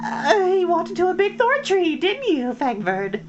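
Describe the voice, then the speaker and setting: A man's voice: very high-pitched, sing-song, a little slow, dull audio, a little hiss or hum, voice pushed up, full character voice. A man voicing a nervous, fawning young female fox who stammers and pleads in a storybook reading. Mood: flustered.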